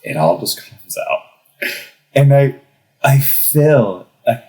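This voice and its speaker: A young man in his thirties telling a comic personal story in a casual podcast conversation, animated and laughing as he goes. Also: mid-range voice, slow, long pauses, poor audio. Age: young adult. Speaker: podcast guest.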